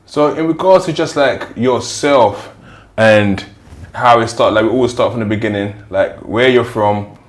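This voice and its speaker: A man hosting a podcast, asking measured, probing questions in a casual way with fillers. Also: medium pitch. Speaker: podcast host.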